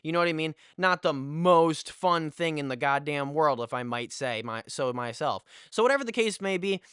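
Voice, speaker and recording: A young man hosting a podcast, telling a storytime monologue in an animated, profane way with lots of fillers. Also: a little high, moderate pace, clear, resonant tone, dry recording, studio quality. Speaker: podcast host.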